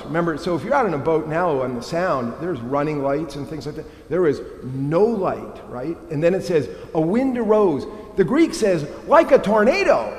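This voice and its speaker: Lively pastor preaching in an echoey church. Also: male voice, fairly high pitch. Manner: lively, humorous, conversational. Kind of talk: sermon. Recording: echoey church hall with long reverb.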